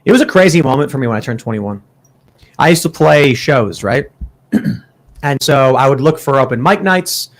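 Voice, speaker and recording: A man with a Chicago accent co-hosting a casual show, reading viewer messages and telling rambling stories with false starts. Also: medium pitch. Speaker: podcast co-host reading super chats. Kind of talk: casual chat.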